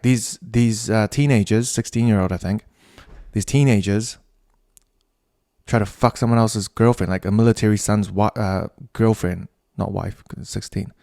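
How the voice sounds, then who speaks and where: A man with a New Zealand accent hosts a casual podcast on his own, speaking in a lowish, creaky voice. He rambles, swears freely, and is quick to laugh at his own tangents.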